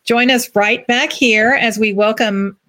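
Woman, co-host, casual chat, upbeat, teasing, slightly high voice. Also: fairly even intonation, unhurried, a bit bright, no room sound.

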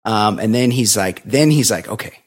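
Husky man telling a rambling story. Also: normal speed. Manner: rambling storyteller, mimics others in a low flat voice. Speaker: podcast co-host. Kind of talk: casual chat.

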